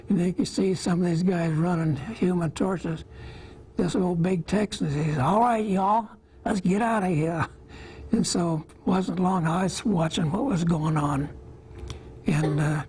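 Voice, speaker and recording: A man in his eighties from Iowa, a war veteran telling his memories in an interview, plain-spoken and halting, with small pauses. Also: fairly high pitch, a little mellow, husky, poor audio.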